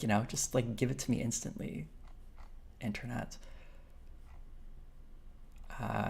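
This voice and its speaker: A man with a somewhat low, gravelly voice chats casually on a live stream. He thinks out loud as he goes, wandering between thoughts and picking up viewer comments. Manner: rambling, thinks aloud, with fillers and restarts while reading chat.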